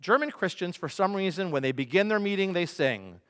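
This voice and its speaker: A man, a pastor, preaching a sermon with emphatic delivery, rhetorical questions and swings between loud and soft. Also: sits high, animated, brisk, clear, resonant tone. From United States. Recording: long reverb of a large hall.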